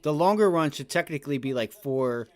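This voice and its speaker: A man hosting a live day trading stream, giving loose, slangy market commentary that swells into loud rants. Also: fairly high pitch, expressive, brisk. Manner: casual slangy talk that rises to loud rants. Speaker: day trading livestream host.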